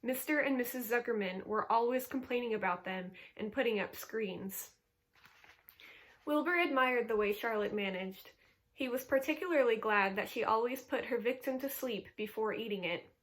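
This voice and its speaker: Woman, reading a children's book aloud, fairly high voice, calm, steady narration. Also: normal speed. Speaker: reader.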